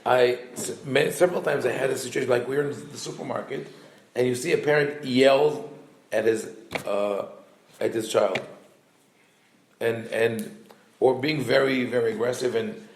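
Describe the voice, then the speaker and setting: A man with a gravelly, rough edge to his mid-pitched voice, teaching as a rabbi. He retells an old story, thinking aloud with restarts and acting out each quote in a livelier voice. His voice rings in a roomy, echoey space. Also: fairly even intonation, moderate pace, long pauses, a little hiss or hum. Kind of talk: talmudic story lesson.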